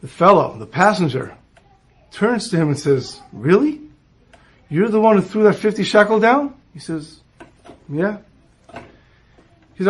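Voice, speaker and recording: High-voiced man telling a lively story. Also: unhurried, long pauses, slightly rough. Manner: animated storyteller who acts out dialogue. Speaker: rabbi storyteller. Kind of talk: storytelling talk.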